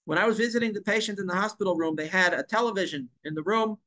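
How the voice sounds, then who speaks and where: A man's voice: high-pitched, fast talker, pushed and bright. A man telling a story in a casual monologue, emphatic, repeating and stumbling over words at times. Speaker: online commentator.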